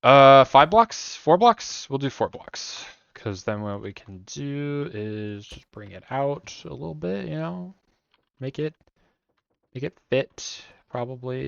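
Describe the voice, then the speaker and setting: A man's voice: medium pitch, creaky, clean tone, dry recording, dull audio. A young man streaming a building game, rambling through casual commentary with jokey self-mocking asides.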